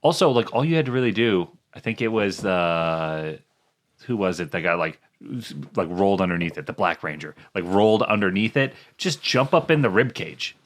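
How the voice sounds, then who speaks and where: A man's voice: sits low, lively intonation, normal speed. A man co-hosting a casual movie podcast, animatedly retelling scenes from a film. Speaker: podcast co-host.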